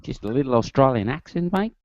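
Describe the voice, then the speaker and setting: A man in a casual group video chat who talks slowly and jokes around, often laughing. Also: mid-range voice, animated, darkish tone, no echo, dull audio. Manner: slow, joking, often laughing.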